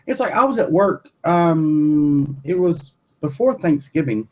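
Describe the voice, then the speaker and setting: A man's voice: a little high, lively intonation, measured pace, a little mellow. A man chatting casually, blunt and plain-spoken, swearing freely. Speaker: guest and co-host. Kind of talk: casual chat.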